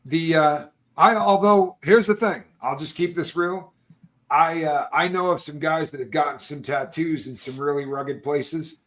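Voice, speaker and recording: Joking higher-voiced man host. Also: a little slow. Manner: storytelling, animated and joking. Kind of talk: casual chat.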